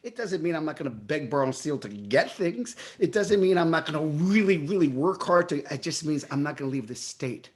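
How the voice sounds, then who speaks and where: A middle-aged man with a New York accent tells his story in a casual interview. His voice sits slightly high for a man. He throws himself into the remembered dialogue, acting out each part with energy. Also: a little fast, few pauses. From Brooklyn, New York. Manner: animated, acts out his own past dialogue. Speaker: guest.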